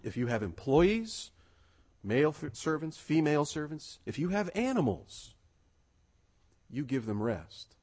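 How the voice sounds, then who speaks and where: Earnest husky-voiced male pastor preaching. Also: mid-range voice, a little mellow. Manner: earnest, exhorting, repeats key phrases. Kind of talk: sermon.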